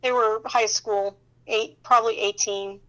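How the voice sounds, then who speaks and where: High-voiced woman sharing a faith story. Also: measured pace, dull audio. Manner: animated storyteller who laughs often and acts out dialogue. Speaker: Christian counselor sharing her testimony. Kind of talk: casual faith testimony storytelling.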